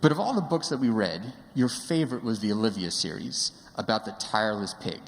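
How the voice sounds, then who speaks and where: A man's voice: fairly low pitch, animated, slight background noise. A man in his forties, a father telling fond stories about his daughter, with hesitant fillers along the way. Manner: halting, with fillers, fond storytelling. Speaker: parent giving a speech. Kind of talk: personal storytelling speech. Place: large sanctuary. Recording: long reverb of a large hall.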